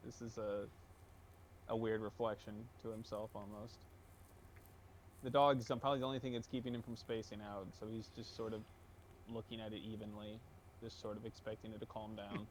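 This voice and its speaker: Flat-voiced man explaining his character. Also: lowish voice, a little hiss or hum. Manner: flat, halting, with filler words. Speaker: player. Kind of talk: playing a tabletop game.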